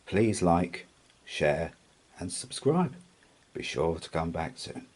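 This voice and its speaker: A man reading a children's storybook aloud with slow, expressive narration. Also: sits low, breathy edge. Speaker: storybook reader.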